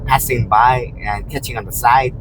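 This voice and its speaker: In a low-quality recording from inside a moving car, a rideshare driver speaks in a medium-pitched, steady, slightly bright voice at a moderate pace, with faint road noise behind him. He rambles through stories, restarting often and saying "you know" a lot, and acts out quotes loudly.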